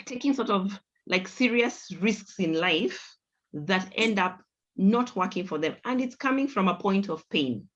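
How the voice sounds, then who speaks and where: A middle-aged woman hosts a conversational panel discussion, speaking in an earnest, reflective way and repeating points for emphasis. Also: mid-range voice. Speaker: host. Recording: dull lo-fi audio.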